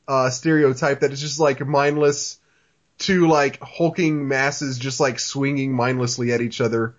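Guy rambling on a podcast, lots of likes, kinda high voice, muffled lo-fi sound. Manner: rambling, lots of "like" fillers, laughs often. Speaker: podcast host. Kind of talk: casual chat. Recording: dull lo-fi audio.

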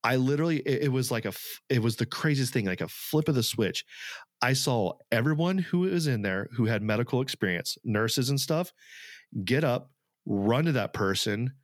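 A man's voice: mid-range voice, expressive, normal speed, dry recording, studio quality. A man co-hosting a podcast, talking casually and earnestly, rambling with fillers and restarts. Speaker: podcast co-host. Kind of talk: casual chat.

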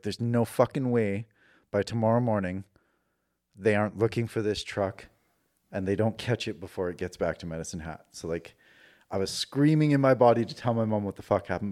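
A man from Canada with a fairly low voice shares a personal experience on a podcast at a brisk clip. Casual and profane, he tells it with animation and performs the lines of dialogue.

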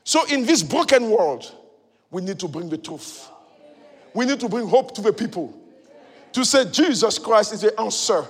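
A male preacher giving a sermon, moving between loud shouted exhortation and quiet teaching. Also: high voice, animated, moderate pace, breathy edge. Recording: long hall reverb.

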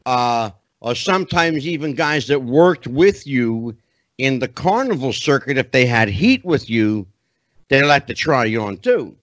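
Lively chatty male podcast host. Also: medium pitch, unhurried, dry recording. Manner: animated, chatty, leans on asides. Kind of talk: casual interview chat.

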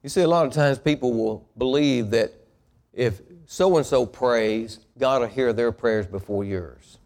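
A man preaching a sermon as pastor, calling on the congregation to repeat after him and rising into loud, emphatic preaching. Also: medium pitch, a little slow, creaky.

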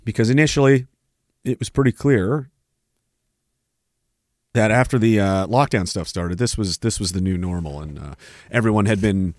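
A man's voice: lowish voice, no room sound, studio quality. A man hosting a livestream at home, chatting loosely, swearing often and breaking off mid-sentence as he reads the chat. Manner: rambling, swearing, self-interrupting. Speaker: livestream host reading chat. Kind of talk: casual rambling livestream talk.

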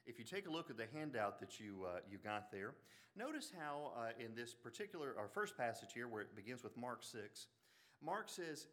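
A man with an Alabama Southern accent giving a classroom lecture on the Bible, animated, with joking asides and frequent restarts. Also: mid-range voice, normal speed. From Birmingham, Alabama.

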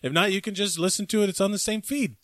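A man's voice: sits high, fast, fairly bright tone, no echo, studio quality. Loose joking man hosting a podcast. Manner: loose, joking, swears casually. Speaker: podcast host. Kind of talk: casual podcast chat.

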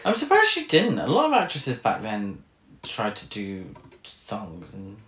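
A man's voice: fairly low pitch, wildly swooping pitch, measured pace, fairly bright tone, echoey room, a little hiss or hum. A man co-hosting a casual chat, making jokey, camp asides and wry quips. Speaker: podcast co-host.

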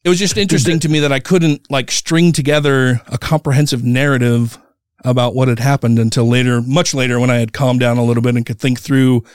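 A man telling a story in casual chat, heated and profane, retelling an angry run-in with lively animation. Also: mid-range voice, fairly quick, clean tone, no room sound, clean studio sound.

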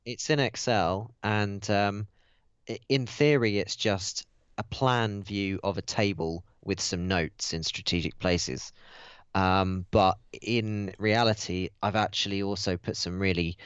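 A man's voice: fairly low pitch, fairly even intonation, a little slow, fairly bright tone, smooth, dry recording, highs cut off. A man co-hosting a tabletop gaming podcast, chatting casually and hesitantly with plenty of ums and uhs. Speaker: podcast co-host and player. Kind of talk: casual chat about a tabletop game.

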